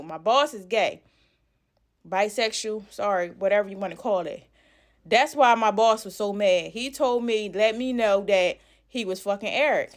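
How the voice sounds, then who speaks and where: A woman's voice: medium pitch, normal speed. Breathless woman telling a wild story. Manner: animated, blunt, swears a lot, drops into quiet asides. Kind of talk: casual storytime vlog.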